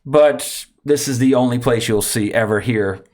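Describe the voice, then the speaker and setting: A man's voice: mid-range voice, moderate pace, darkish tone. Rambling male podcast host. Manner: rambling, self-correcting, chuckles often. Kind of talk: casual podcast chat.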